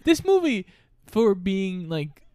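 A man's voice: sits high, very animated, slow, mellow, dry recording, studio quality. A man co-hosting a podcast, chatting casually about a movie, joking and quoting other films. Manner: jokey, quotes movies, laughs along. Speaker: podcast co-host.

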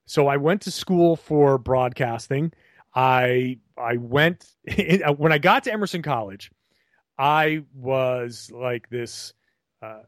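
A man's voice: fairly high pitch, no room sound. Chatty man with a trained broadcast voice. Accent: neutral General American, trained. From Rhode Island. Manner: chatty, animated storytelling with restarts. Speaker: guest, broadcaster and blogger. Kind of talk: casual podcast interview.

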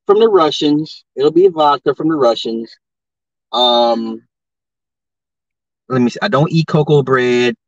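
A man on his podcast rants through social commentary, stacking one rhetorical question on another and jumping up in pitch when he gets heated. His voice sits fairly high for a man. It is recorded dry and sounds dull and lo-fi. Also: no room sound. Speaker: podcast host.

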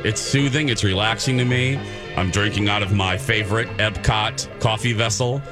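A man's voice: on the low side, music in the background. A man hosting a morning radio talk show, playful and chatty. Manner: playful, lively, drawn-out phrasing. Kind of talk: casual morning radio chat.

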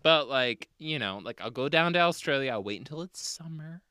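A man's voice: a little high, a little fast, clean tone, no room sound, studio quality. A male podcast host in casual chat, swearing freely and laughing as he talks. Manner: animated, swears a lot, laughs often.

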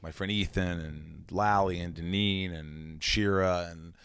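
A man in his forties, a comedian and musician, chatting casually as a guest and telling rambling, animated stories with some profanity. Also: sits low, measured pace, clean tone. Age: 40s. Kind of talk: casual interview chat.

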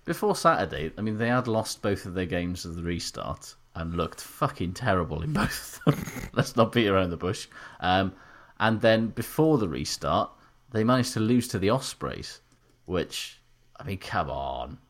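A man co-hosts a podcast with a somewhat low voice. He talks in a wry, rambling way and laughs often. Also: sing-song, moderate pace, hardly any pauses. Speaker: podcast co-host. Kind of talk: casual banter.

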